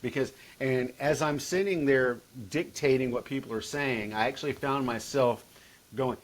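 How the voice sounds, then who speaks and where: A man's voice: mid-range voice, normal speed. Guy rambling on a podcast, lots of restarts, ordinary mid voice. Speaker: guest author. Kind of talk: casual podcast chat.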